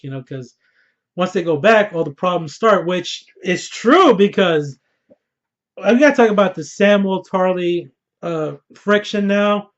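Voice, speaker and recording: A young man giving a casual, excited TV episode review, full of slang and cheerful swearing. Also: sits high, measured pace. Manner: hyped, slangy, swears freely. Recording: dull lo-fi recording.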